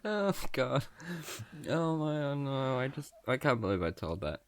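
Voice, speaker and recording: A man co-hosting a podcast, spinning a story with a voice that leaps up and down in pitch. He laughs often and mocks himself. The sound is close and dry, with no room around it. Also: unhurried, clean tone, no echo. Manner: animated, laughs a lot, self-mocking, acts out voices. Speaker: podcast co-host. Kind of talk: casual storytelling chat.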